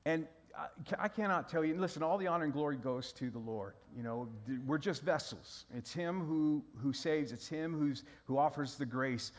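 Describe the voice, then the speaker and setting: Conversational pastor preaching. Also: male voice, on the high side, moderate pace. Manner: conversational storytelling with repeated restarts. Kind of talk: sermon.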